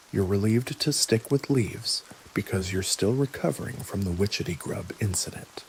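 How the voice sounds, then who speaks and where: Low-voiced guy reading a bedtime history story, super slow and soothing, faint rain behind. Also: a little hiss or hum, rough recording. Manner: calm, gentle, second-person storytelling with dry asides. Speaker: narrator. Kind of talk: scripted bedtime history narration. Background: soft rain.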